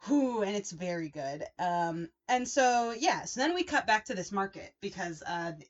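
Animated woman podcast co-host. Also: mid-range voice, normal speed. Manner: animated, acts out characters' lines. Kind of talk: casual chat recapping a drama. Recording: dull lo-fi podcast recording.

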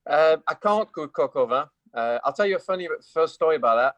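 A man's voice: fairly high pitch, animated, a little fast, a bit bright, no room sound. A man from France with a French accent, a guest telling stories in casual chat, hesitant with many fillers and restarts. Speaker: guest, motorcycle racer.

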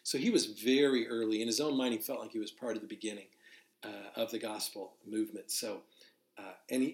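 This man's voice sits lowish, with a steady tone and a brisk pace, in a reverberant space. Acting as a pastor, he works verse by verse through Scripture, talking conversationally, often starting sentences over, using fillers and spelling out Greek terms, all broadcast live.

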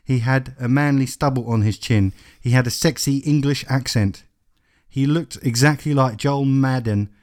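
A male podcast co-host giving a comic reading aloud in a dry, deadpan way, pausing for puzzled asides. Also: mid-range voice.

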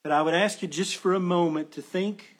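A man with a high, husky voice preaches an expository sermon. He speaks earnestly and with emphasis, circling back to repeat key phrases. His manner is that of a patient teacher walking through a text. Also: steady tone, a little fast. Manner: teacherly, explains Greek word order. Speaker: pastor.

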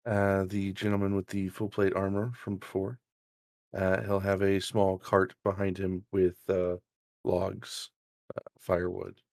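Game master, male, deep voice, casual explanations, dry close mic. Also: monotone, unhurried, creaky, darkish tone, no room sound. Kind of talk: narrating a tabletop game.

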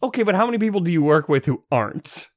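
Male co-host, animated, sing-song banter. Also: high voice, quick pace, dry recording, clean studio sound. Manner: joking, argumentative banter. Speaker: podcast co-host. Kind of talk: casual chat.

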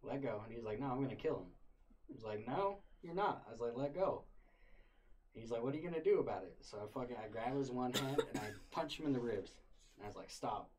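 A man's voice: mid-range voice, brisk. A young man casually retelling a wild story, full of swearing and laughter. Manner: profane, animated, laughing retelling.

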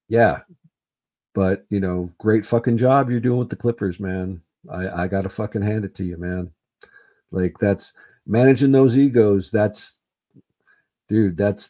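Low, mellow-voiced man ranting casually. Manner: rambling, profane, repeats himself, frequent fillers. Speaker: podcast host. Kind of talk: casual solo sports podcast rant.

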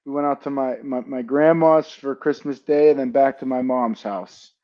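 A man's voice: mid-range voice, fairly even intonation, normal speed, a crowd in the background. Joking man with a dull, lo-fi sound. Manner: joking, teasing banter. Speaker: podcast co-host, football player. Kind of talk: casual chat.

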